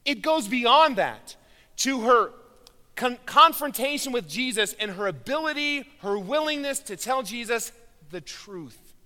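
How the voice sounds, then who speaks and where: A man preaching a sermon with earnest emphasis, rising loud on key words and dropping low and quiet. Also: animated, unhurried. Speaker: pastor. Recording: long hall reverb.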